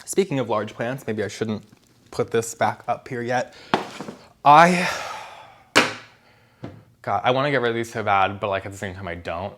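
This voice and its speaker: Guy talking to his camera at home, kinda low voice, rambly, keeps restarting sentences. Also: normal speed, long pauses, noisy background. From Philadelphia area. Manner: rambling and self-correcting, with small laughs. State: out of breath. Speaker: plant vlogger. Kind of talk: casual chat to camera. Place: home apartment indoors.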